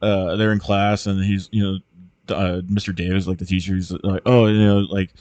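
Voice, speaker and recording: A man's voice: low voice, completely flat delivery, moderate pace, darkish tone, no echo. A man co-hosting a podcast in casual chat, rambling and profane with lots of fillers. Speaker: podcast co-host.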